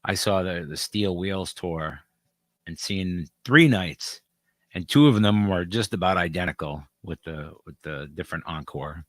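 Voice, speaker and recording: A man's voice: low-pitched, a little slow, fairly bright tone, dry recording. A man co-hosting a casual podcast chat, sarcastic and profane, mocking what he talks about. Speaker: podcast co-host.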